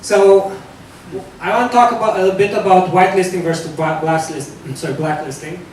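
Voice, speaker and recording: A man presents a technical talk to a live audience, high-pitched for a man, and he often corrects himself as he goes. He sits far from the mic, so the sound is thin and roomy, with a strong echo and a faint rumble underneath. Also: steady tone, fairly quick, darkish tone. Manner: loose, conversational, with fillers and self-corrections.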